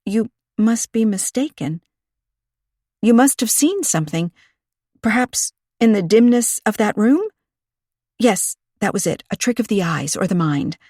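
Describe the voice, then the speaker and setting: A woman voicing a calm young woman sleuth who speaks in a steady, soothing way, in an audiobook reading. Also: medium pitch, a little slow, no echo, studio quality, recorded from a distance, pitched above the performer's own voice. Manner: soothing, level.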